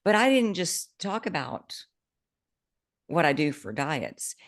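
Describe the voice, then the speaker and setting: A woman co-hosting a podcast, chatting casually and telling an animated story with bursts of excitement. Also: low voice, slow, no echo, clean studio sound. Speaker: podcast co-host, coach. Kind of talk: casual chat.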